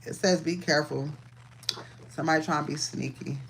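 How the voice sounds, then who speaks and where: A woman giving a casual, profane livestream tarot reading, chatty and quick to laugh. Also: low voice, fairly even intonation, creaky, a little hiss or hum. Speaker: tarot reader.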